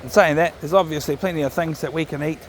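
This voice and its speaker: A man with a New Zealand accent walks his dog along a riverside trail, chatting casually to the camera in a walking vlog. His voice sits fairly high and he talks fast, rambling and often correcting himself mid-sentence. There's a little hiss or hum on the recording.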